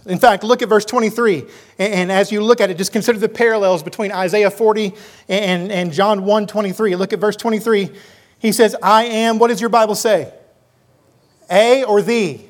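A man preaching a sermon as pastor in a church, earnest and slowing down to stress key words. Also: sits high, fairly even intonation. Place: church sanctuary.

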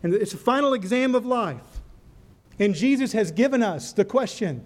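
A high-pitched man preaching to a church congregation. He keeps putting rhetorical questions to the room and answers them himself, and he tells a story to drive his point home. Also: animated, normal speed. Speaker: pastor. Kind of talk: sermon.

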